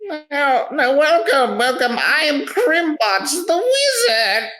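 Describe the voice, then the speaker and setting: A woman's voice: sing-song, slow, fairly bright tone, exaggerated voice. A woman voicing a theatrical male wizard shopkeeper who talks like a pushy salesman. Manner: grandiose, sales-pitch delivery.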